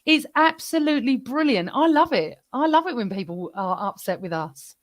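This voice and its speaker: A woman's voice: high-pitched, animated, moderate pace. A woman hosting a casual football podcast, gleeful and teasing. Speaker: podcast host.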